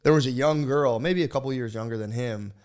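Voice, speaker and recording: Swearing, animated man on a podcast. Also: medium pitch, brisk. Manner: swears often, animated storytelling with shouted impressions. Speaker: podcast host. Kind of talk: casual podcast chat.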